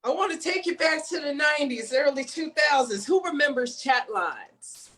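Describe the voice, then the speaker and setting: Woman, stand-up comedian, higher voice, animated storytelling, laughing at her own jokes, remote set. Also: normal speed. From Chicago, USA.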